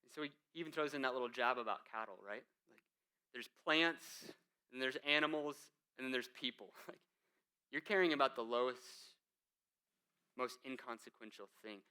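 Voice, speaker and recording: Bright, crisp-voiced male pastor preaching. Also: mid-range voice, moderate pace. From United States. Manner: conversational preaching with asides, "man" and "right?"; swings from hushed to emphatic. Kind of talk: sermon.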